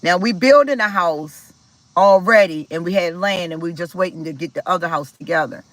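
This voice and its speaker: A woman from Maryland telling a personal story to her viewers in a casual, animated way, acting out what people said. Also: on the low side, moderate pace, no room sound, rough recording. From Maryland, USA. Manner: animated, talks to viewers directly, acts out quoted dialogue. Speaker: spiritual vlogger.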